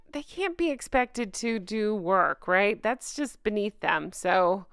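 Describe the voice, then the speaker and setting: A woman's voice: on the high side, a bit bright, clear, resonant tone, no echo, clean studio sound. A woman giving sarcastic casual commentary, laughing often and mocking with asides. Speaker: commentary vlogger.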